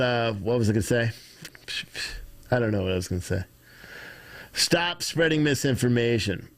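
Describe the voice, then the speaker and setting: A man hosting a livestream, rambling, frustrated, reading chat aloud, and swearing now and then. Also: on the low side. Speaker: livestream host. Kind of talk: casual livestream commentary.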